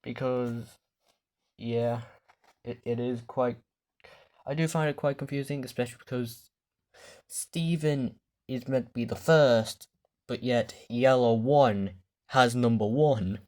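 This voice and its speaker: Man, casual show-and-tell vlog, rambling, off-the-cuff, mild cursing, mid-pitched voice. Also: takes it slowly, pauses often, darkish tone. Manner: rambling, off-the-cuff, swears when the camera loses focus. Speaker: toy collector vlogger.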